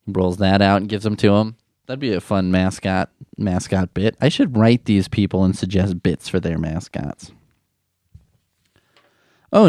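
A man's voice: lowish voice, a little mellow, dry recording, clean studio sound. A man riffing comedically in a rambling, sarcastic way, swearing often.

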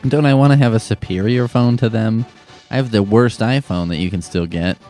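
Comedic advice host, young man, profane deadpan-sarcastic delivery, dark mellow tone. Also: on the low side, a little fast, soft background music.

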